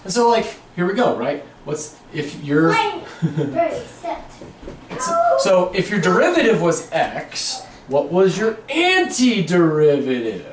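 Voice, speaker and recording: Casting: male calculus lecturer, chatty and self-correcting, very lively pitch. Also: slow, recorded from a distance. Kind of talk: classroom lecture. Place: classroom. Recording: echoey classroom with background noise.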